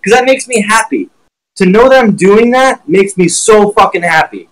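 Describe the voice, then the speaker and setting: A man teaching trading on a live stream with blunt, profane, animated talk while sharing his screen. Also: high-pitched, normal speed, rough recording.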